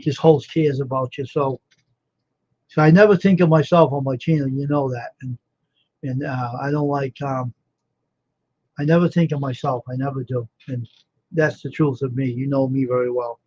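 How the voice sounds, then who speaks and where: A man's voice: mid-range voice, fairly even intonation, normal speed, darkish tone, lo-fi sound. A tired man hosting a casual livestream, rambling about his screen printing work and talking to viewers by name in a self-assured way. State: tired and yawning.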